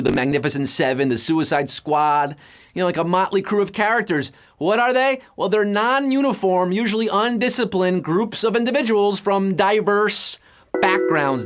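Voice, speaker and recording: A man hosting a live trivia game show, full of quick puns and jokes. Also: high-pitched, a bit bright. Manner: jokey, punny, quick patter.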